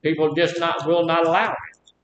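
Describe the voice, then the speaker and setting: A man with a Southern drawl teaches a live class, folksy and fond of quizzing his listeners. His voice sits a touch high. The room is echoey, with a faint rumble underneath. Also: level tone, moderate pace, a bit bright, dull audio. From Mississippi. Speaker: class instructor. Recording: roomy echo, faint rumble.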